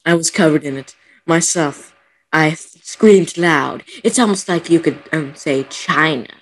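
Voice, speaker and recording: Casual caller narrating a horror tale on a voice call; over-the-top delivery, computer mic, middle pitch. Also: unhurried, fairly bright tone, a little hiss or hum, rough recording. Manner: melodramatic, breaks off with gasps and giggles. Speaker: storyteller on a call. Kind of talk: reading a creepy story aloud.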